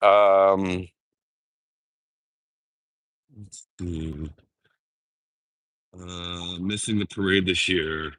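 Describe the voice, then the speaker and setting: A man's voice: low-pitched, steady tone, drawn-out words, long pauses, a bit bright, no echo. A man chatting casually on a live walking vlog outdoors in a park, rambling with fond asides. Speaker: vlogger.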